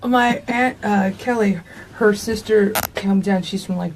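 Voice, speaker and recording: A woman's voice: medium pitch, unhurried, slight background noise. A woman who hosts a food segment on morning radio and tells stories with lots of laughter. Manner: storytelling, laughs a lot. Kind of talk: casual morning show chat.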